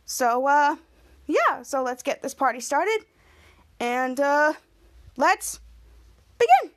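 A woman hosting a podcast, recapping a TV episode in an excitable, rambling way. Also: high voice, slow pace. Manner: excitable and rambling, with many restarts. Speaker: podcast host.

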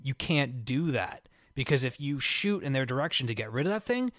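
Brief: excitable male co-host, mid-pitched, rambling casual delivery, dry close sound. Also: moderate pace, no room sound. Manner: excitable, rambling storyteller full of "like". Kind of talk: casual chat.

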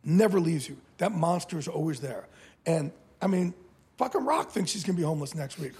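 A man in his fifties whose voice sits a little high for a man and has a husky, slightly rough grain. He talks as a guest in a casual interview and tells his stories bluntly, with swearing and lively emphasis. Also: brisk. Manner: blunt, profane, animated storyteller. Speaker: podcast guest.

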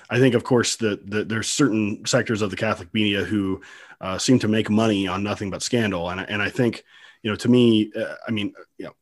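Fast, stammering low-voiced man. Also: dry recording. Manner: stammering, repeats words. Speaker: podcast host. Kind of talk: podcast interview.

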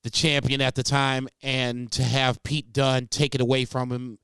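Podcast co-host guy, laid back and rambly, clean smooth voice, dry sound. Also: medium pitch, little pitch movement, moderate pace, fairly bright tone, dry recording. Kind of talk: casual podcast chat.

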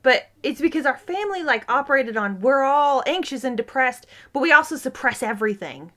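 A woman's voice: high-pitched, animated, brisk, a bit bright. A woman chatting casually in a group, laughing often as she talks.

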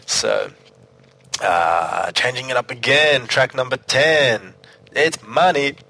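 A man's voice: medium pitch, expressive, slow, bright, forceful tone, poor audio. A man hosting a casual music review chat, enthusiastic and full of restarts. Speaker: podcast host.

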